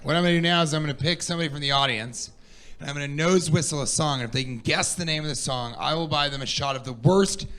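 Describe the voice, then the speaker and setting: A man doing stand-up comedy on a club stage, telling animated stories and putting on mocking high voices for the people he quotes. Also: fast. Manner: animated storytelling, quoting his partner in a mocking high voice.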